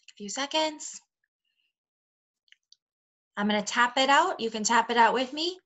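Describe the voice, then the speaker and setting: Bright-voiced woman teaching phonics. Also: fairly high pitch. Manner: slow, clear, encouraging teacher talk to young children. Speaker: second grade teacher. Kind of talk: recorded remote phonics lesson.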